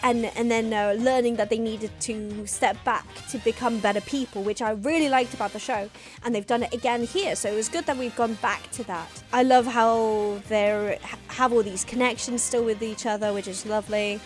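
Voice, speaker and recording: A young woman hosting a casual reaction video, excitable, gasping, laughing and swearing as she talks. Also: a little high, normal speed, faint music behind. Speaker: host reacting to a TV show.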